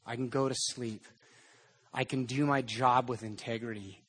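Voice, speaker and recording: Husky, animated male preacher. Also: mid-range voice, normal speed. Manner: animated storytelling, conversational. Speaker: pastor. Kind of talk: sermon.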